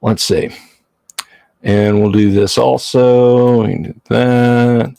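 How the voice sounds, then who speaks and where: A man's voice: mid-range voice, steady tone, takes it slowly, creaky, warm tone, no echo. Chatty male livestream host. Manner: chatty, rambling, jokey, answers chat. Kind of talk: casual livestream chat.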